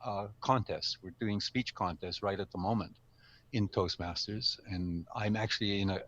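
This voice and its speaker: A man's voice: lowish voice, normal speed, fairly bright tone, dull audio. An older man in casual instructional talk, explaining speaking tips in a conversational way with ums and self-corrections. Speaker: guest speaker, speaking coach. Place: live stream studio or room.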